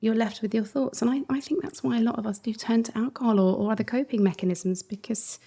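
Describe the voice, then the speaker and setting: Gravelly-voiced woman podcast host. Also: fairly high pitch, fairly even intonation, fast talker. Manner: earnest, conversational, laughs softly between thoughts. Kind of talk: reflective podcast chat.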